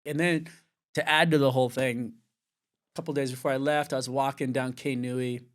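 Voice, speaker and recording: A man's voice: mid-range voice, brisk. Middle-aged man from California, candid storyteller, curses casually, voices the other people in his story as he goes. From Venice, California. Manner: swears freely, acts out quoted dialogue with lively shifts. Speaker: surf commentator, interview guest.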